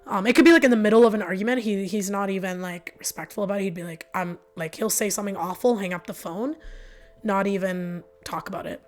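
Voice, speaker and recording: A woman guest on a podcast telling her own story frankly, in an animated way with many fillers. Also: medium pitch, fast talker, hardly any pauses, faint music behind. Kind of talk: candid personal storytelling.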